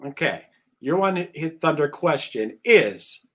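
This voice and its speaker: A man hosting a live trivia podcast event, reading questions and scoring answers with quick restarts. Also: fairly high pitch. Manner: lively, stumbles and restarts, laughs between answers. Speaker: trivia quiz host.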